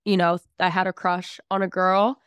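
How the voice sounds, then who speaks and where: In a fairly low, smooth, level voice at normal speed, a twentysomething woman chats through a casual personal story on a podcast, using plenty of fillers and playing out conversations with her family. The studio sound is clean, with no echo.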